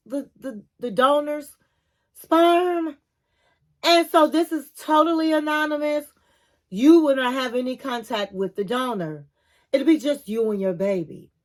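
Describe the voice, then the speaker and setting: A woman's voice: high-pitched, lively intonation, measured pace. A woman putting on a stern, brusque clinic worker.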